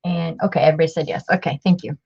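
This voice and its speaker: A woman's voice: deep voice, steady tone, rapid-fire, gravelly, a little mellow, slightly rough, lo-fi sound. A middle-aged woman chatting in a rambling, casual way with many fillers while she works on a craft project. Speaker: crafting vlogger.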